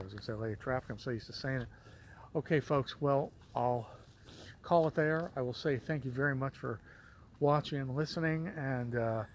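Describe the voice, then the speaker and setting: A man's voice: medium pitch, rough recording. A man hosting a casual walking vlog outdoors, telling a story in a rambling way and often correcting himself. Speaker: vlog host. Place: outdoors on a windy street. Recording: outdoor street noise with traffic.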